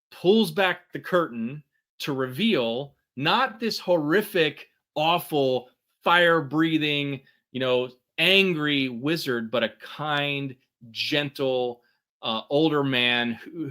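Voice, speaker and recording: A middle-aged man leads a relaxed workshop conversation with a bright tone. He fills his talk with ums and keeps checking in with "right?". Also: a little high. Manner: conversational, many fillers and tag questions. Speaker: podcast co-host.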